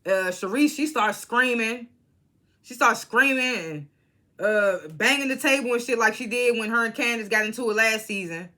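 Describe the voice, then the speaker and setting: A woman's voice: a little high, normal speed. A woman giving a casual reality TV episode recap, blunt and profane, acting out the cast's lines as she tells it. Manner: blunt, profane, animated storytelling.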